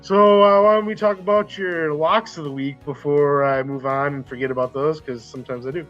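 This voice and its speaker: A man's voice: fairly high pitch, steady tone, brisk, a bit bright, faint music behind. A man hosts a casual football podcast in a slightly raised voice. He rambles, corrects himself mid-sentence, and the recording sounds a little dull. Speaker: podcast host. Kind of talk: casual chat.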